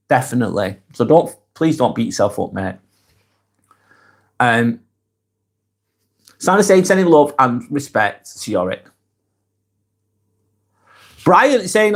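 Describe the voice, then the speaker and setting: Husky, blunt man on a live stream. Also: mid-range voice. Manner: blunt, sweary, swings between brusque and reassuring. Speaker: live-stream host reading comments. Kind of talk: casual live vlog chat.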